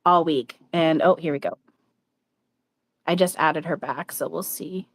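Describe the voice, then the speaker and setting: A woman's voice: low voice, unhurried. A woman hosting a live stream, talking bluntly and rambling with lots of fillers, swearing freely. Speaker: channeler and livestream host. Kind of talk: casual livestream chat.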